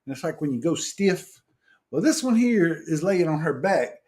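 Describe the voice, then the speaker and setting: A man's voice: a little high, normal speed. Folksy man telling stories. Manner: animated storytelling, laughs often, folksy. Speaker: co-host. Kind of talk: casual live-stream chat.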